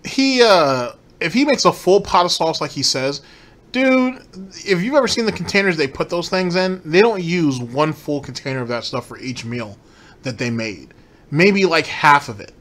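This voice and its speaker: Ranting man commentator, fairly high voice. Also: expressive, normal speed, a bit bright. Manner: ranting, profane, incredulous. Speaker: commentary host. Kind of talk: reacting to stream clips.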